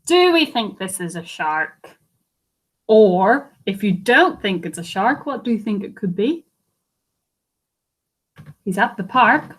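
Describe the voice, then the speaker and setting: A woman teacher reading a picture book aloud to children, animated and asking them questions. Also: a little high. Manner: animated, asks listeners questions. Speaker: primary school teacher.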